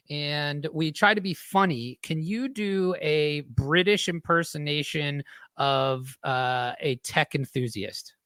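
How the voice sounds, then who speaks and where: A man hosting a podcast, chatting casually and leading a demo with relaxed, halting speech. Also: a little high, no echo. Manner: relaxed, trails off with fillers and laughs. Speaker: podcast host. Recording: dry headphone-monitored mic.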